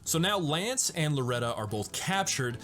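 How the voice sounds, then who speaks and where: A man's voice: on the high side, very animated, moderate pace, fairly bright tone, soft background music. Chatty enthusiastic man recapping a movie. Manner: enthusiastic and chatty, laughs often. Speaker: host of a movie breakdown show.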